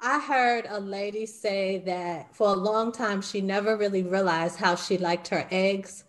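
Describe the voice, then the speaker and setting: A woman hosting an interview, telling a short story in a relaxed, reflective way. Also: medium pitch, a little slow. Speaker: host. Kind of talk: conversational interview.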